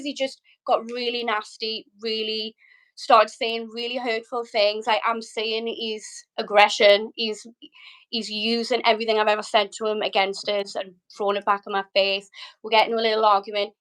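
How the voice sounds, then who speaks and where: A British woman speaks as a podcast guest in a fairly high voice. She recounts a personal story with raw emotion. She peppers her speech with "like" and with swearing. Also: fairly bright tone, rough recording. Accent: British English. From Britain. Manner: vivid, emotional telling with frequent swearing and "like".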